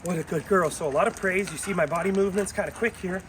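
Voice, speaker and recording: Male dog trainer, slightly high-pitched, recorded outdoors with steady background noise. Mixes upbeat praise with calm, instructive explanation. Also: fast.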